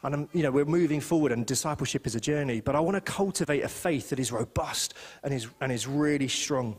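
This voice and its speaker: A man preaching a sermon as pastor, chatty and animated, slipping into little voices for the people he quotes. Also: medium pitch, quick pace, husky, big-room sound. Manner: animated, conversational, acts out quotes. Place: church hall.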